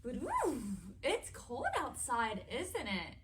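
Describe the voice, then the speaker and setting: Story time host: a young woman, bright and lively, reading slowly to children. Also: sits high, slight background noise. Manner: animated and playful, speaking to children.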